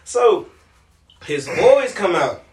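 A man's voice: high-pitched, big pitch swings, takes it slowly, a little mellow. A man telling a profane story in casual chat, animatedly acting out the voices of the people in it. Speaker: podcast co-host telling a work story. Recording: echoey room, distant mic.

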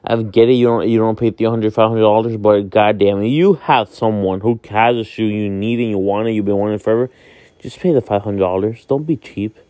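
A man's voice: on the low side, a little fast, warm tone, dry recording. A man in his twenties from Miami talks casually on his vlog, rambling and candid, with many fillers and free swearing. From Miami, Florida. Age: 20s. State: sleepy, yawning. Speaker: vlog host. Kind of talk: casual monologue.

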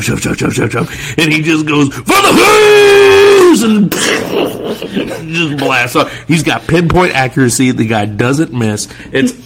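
A lively man co-hosting a sports podcast, his pitch swinging up and down as he jokes and laughs. Faint noise sits under his voice. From North Carolina. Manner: animated, laughs often, jokey. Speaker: podcast co-host. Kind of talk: casual sports chat.

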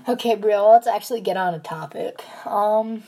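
A woman's voice: mid-range voice, moderate pace, warm tone, a little hiss or hum. A young woman chatting casually on a close mic beside her sister, teasing and bossy, often dropping into whispers. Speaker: co-host of a video with her sister. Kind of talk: giggly casual chat with whispered asides.

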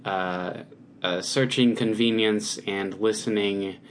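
A podcast co-host in casual chat, relaxed and easygoing in the banter. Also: low-pitched, takes it slowly, slight background noise.

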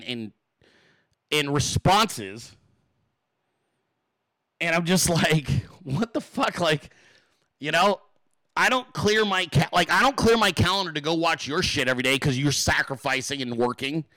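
A man holding forth on his own show, swearing freely as he vents his anger. His voice sits a bit high and pushes hard with a tense, forceful edge. The sound is dry and close, with no room behind it. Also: expressive, moderate pace, pauses often, no echo, poor audio. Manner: angry, profane, blunt venting. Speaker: show host. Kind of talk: ranting solo talk-show monologue.

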